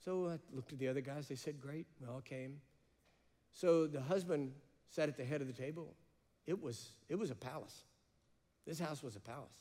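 A man preaching a sermon, passionate, shifting between emphatic raised cries and slow, hushed phrases. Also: fairly high pitch. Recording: long reverb of a large hall.

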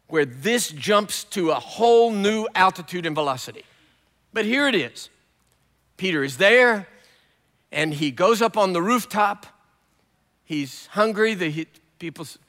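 A man preaching a sermon as a guest preacher, telling the story in a lively way with humor. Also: sits high, long reverb tail.

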